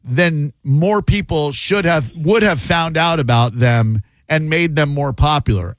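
A man's voice: a little high, dry recording. A man hosting a call-in radio show, talking in a wry, joking and opinionated way into a studio microphone.

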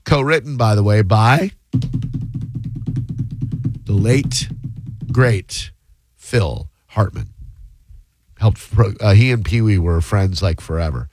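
A male radio host taking calls, making deadpan wisecracks in casual chat. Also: fairly low pitch, slow, pauses often, soft background music.

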